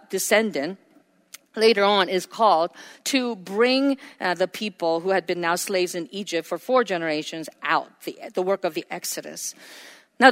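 A woman's voice: mid-range voice, fairly bright tone. Woman preaching in a reverberant hall. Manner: earnest, emphatic, with frequent fillers. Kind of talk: sermon.

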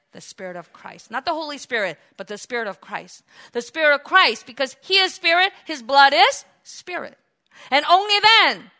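A woman preaching a sermon, emphatic, with loud repeated phrases and frequent fillers. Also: a little high. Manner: emphatic, rising to loud repetitions with many fillers.

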